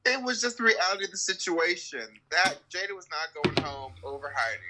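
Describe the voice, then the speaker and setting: A man's voice: high voice, lively intonation, brisk, heavy background noise. A man co-hosting a casual chat show, talking in a sassy, blunt way and swearing freely. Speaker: podcast co-host.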